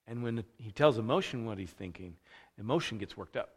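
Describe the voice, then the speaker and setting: A man preaching a conversational sermon, casual and animated, acting out the thoughts he quotes. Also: lowish voice, a little fast, husky. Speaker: pastor. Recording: long reverb of a large hall.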